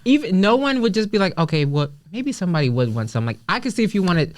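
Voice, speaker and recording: Animated young co-host joking in slang. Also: mid-range voice, quick pace. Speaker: podcast co-host. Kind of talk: casual chat.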